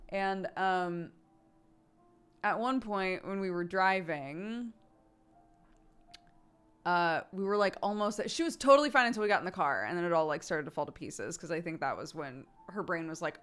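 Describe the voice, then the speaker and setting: A woman's voice: medium pitch, lively intonation, a little slow, long pauses, clean tone. A woman in her thirties streaming at home, telling a rambling anecdote to her chat with many fillers and acted quotes.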